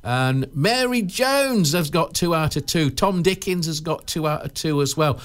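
A man's voice: on the high side, animated, measured pace. A man with an English accent presenting a local radio show, in chatty, jokey banter that rambles and stumbles over repeated words.

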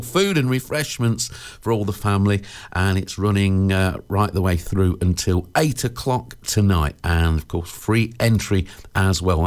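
A man presenting a local radio show in casual, rambling chat, full of 'uh' fillers and restarts, joking and laughing at his own asides. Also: on the low side. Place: radio studio.

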